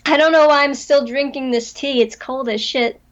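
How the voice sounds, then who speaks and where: A woman's voice: sits high, fairly even intonation, normal speed, dull audio. A woman guesting on a livestream, chatting casually and giggling often. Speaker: guest on a stream. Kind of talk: casual chat.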